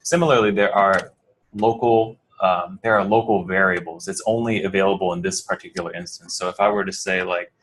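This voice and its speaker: Brisk, steady, and fairly bright, this low-sitting male voice comes from a coding bootcamp instructor from New Jersey with an American accent. He lectures the class in an offhand, meandering way, restarting often, using fillers, and asking students questions.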